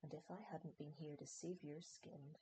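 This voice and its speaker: A woman's voice: sits low, steady tone, normal speed, background noise, natural voice. A woman voicing a cold, vengeful male potions professor in an audiobook reading, sneering and menacing.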